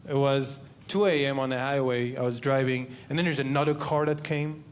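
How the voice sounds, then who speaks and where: A man performing stand-up comedy in a club, telling a story in a slow, deadpan way. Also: medium pitch. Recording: live club with background noise.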